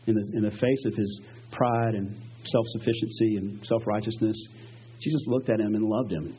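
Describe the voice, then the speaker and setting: Guy preaching a sermon, husky voice, acts out the quotes, kinda dull sound. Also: fairly low pitch, steady tone, moderate pace. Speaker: pastor.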